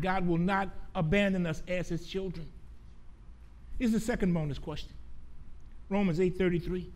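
Male preacher, high voice, sermon delivery, repeats and questions the congregation, slows for emphasis. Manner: preaching with rhetorical questions and repetition; slows down and drops soft on key phrases.

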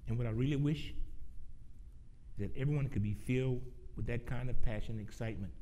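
A man preaching a sermon. He swings from loud, slow, stretched-out emphasis to hushed low passages, with quick joking asides to the congregation.

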